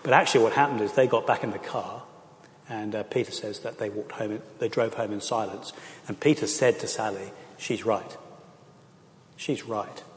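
A man's voice: lowish voice, fairly even intonation, fairly quick. A middle-aged man, a pastor, speaking earnestly and with passion to a church audience, with frequent fillers. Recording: echoey hall.

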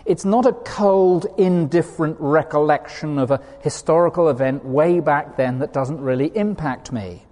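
A man's voice: a little high, moderate pace, few pauses, darkish tone. A man preaching a sermon in an earnest, emphatic way, reading quotations aloud to his listeners. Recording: long reverb of a hall.

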